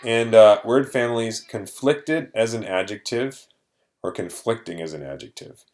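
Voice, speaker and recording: A deep-voiced male teacher talks his students through a vocabulary lesson. He explains patiently, pausing on ums and uhs as he goes. His tone stays plain and instructive throughout. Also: darkish tone.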